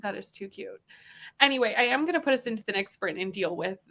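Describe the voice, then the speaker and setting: A woman's voice: mid-range voice, expressive, fast, pushed and bright. A young woman co-hosting a reading livestream, chatting casually and laughing often. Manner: chatty, laughs often, interrupted by her child. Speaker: readathon livestream co-host.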